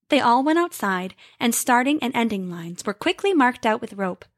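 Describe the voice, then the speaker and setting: A woman telling a storybook tale aloud with an expressive, lively reading. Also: medium pitch, normal speed, few pauses, dry recording, studio quality.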